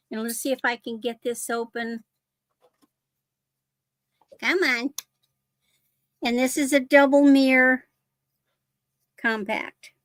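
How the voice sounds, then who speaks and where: Casting: high-pitched, unhurried woman, excitable seller on a live stream, dry close sound. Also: dry recording. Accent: American. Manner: gushing, excited over jewelry details. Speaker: online vintage seller. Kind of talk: live sale show chat.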